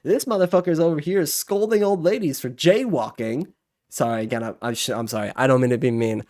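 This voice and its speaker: A man's voice: mid-range voice, fairly quick, darkish tone, dry recording, clean studio sound. A man in his twenties with a heated, profane, exasperated way of talking as he hosts a reaction video. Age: 20s. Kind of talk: ranting reaction commentary.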